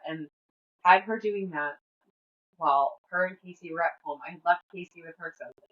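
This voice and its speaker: A woman's voice: on the low side, brisk, fairly bright tone, highs cut off. A woman in her thirties, a podcast host, talking through her day in a rambling, casual diary style with lots of fillers. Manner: rambling, chatty, with frequent fillers and laughs. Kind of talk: casual personal diary monologue.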